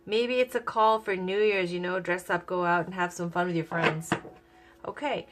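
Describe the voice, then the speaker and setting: A woman with a cold and a hoarse voice, giving a chatty, upbeat tarot reading. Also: fairly low pitch, fairly even intonation, normal speed, faint music behind. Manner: chatty, upbeat, thinks aloud. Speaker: tarot reader.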